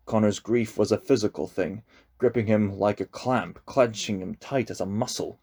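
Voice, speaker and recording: A man narrating a novel aloud with slow, expressive storytelling. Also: lowish voice. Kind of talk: audiobook reading.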